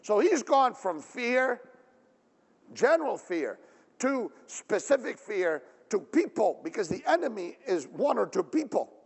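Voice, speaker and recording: A man preaching a sermon as pastor, emphatic and animated, often asking the audience questions. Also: sits high, measured pace, vocal fry, slightly rough. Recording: long reverb of a big hall.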